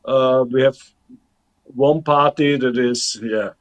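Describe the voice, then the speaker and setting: A man from Austria speaks as a guest in a casual interview. He talks in a halting way with frequent restarts and fillers. His voice sits at a middle pitch for a man. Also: steady tone, muffled recording. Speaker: guest, combat medic instructor.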